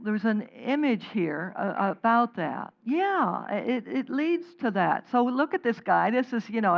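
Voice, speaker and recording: A woman minister delivers a sermon in a loose, conversational manner, wandering off on tangents and restarting sentences as she goes. Her pitch sits in a middling range. The recording sounds dull and lo-fi. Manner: conversational and digressive, with frequent restarts.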